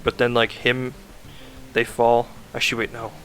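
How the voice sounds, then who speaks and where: A man's voice: mid-range voice, monotone, moderate pace, a bit bright. A man casually rambling through a recap of a video game plot, full of "like" fillers and self-corrections.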